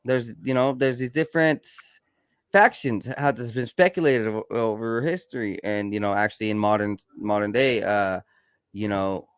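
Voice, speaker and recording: A man in casual podcast chat with a smooth, resonant voice, recorded dry and close. He talks hesitantly, with many fillers and restarts. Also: lowish voice, normal speed, no echo. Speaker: podcast guest.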